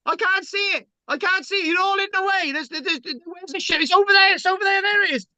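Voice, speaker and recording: A man voicing a fussy, short-sighted onlooker who grumbles in a high squeaky voice. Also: quick pace, pushed and bright, dry recording, full character voice. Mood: grumbling.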